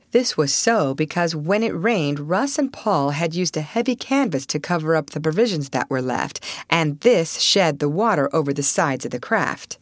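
Expressive woman narrating an old novel. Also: deep voice, normal speed, few pauses, dry recording. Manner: expressive, varied reading. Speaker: audiobook reader. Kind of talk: scripted narration.

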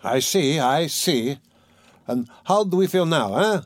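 A man reading an audiobook, voicing a lazy, self-important young doctor who speaks slowly and offhandedly, with hesitant fillers. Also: on the high side, lively intonation, no echo, voice pushed up.

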